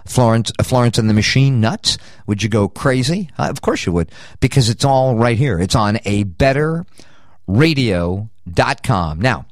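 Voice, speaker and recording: A man's voice: mid-range voice, no room sound, clean studio sound. Rambling jokey older male radio host. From United States. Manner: rambling, jokey, riffs on lists. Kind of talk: rambling promo read.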